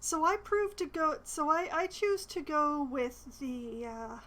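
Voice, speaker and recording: A woman's voice: high-pitched, normal speed, hardly any pauses, a bit bright, slight background noise, rough recording. A woman streaming a role-playing game, reading the dialogue aloud and adding wry, chatty asides. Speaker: gamer streaming a playthrough.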